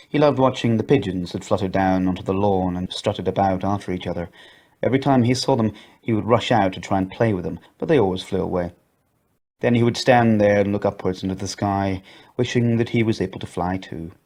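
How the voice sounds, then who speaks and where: A man narrating a children's story in an expressive storybook reading voice. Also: fairly low pitch, a little fast.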